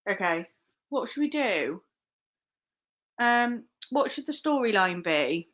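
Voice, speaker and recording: A young woman chats on a live stream in a rambling, casual way, laughing often and swearing freely. Her voice is quite high and very bright. She drifts from one memory to the next with easy humour. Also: sing-song, slow, muffled recording. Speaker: online reseller live-streaming.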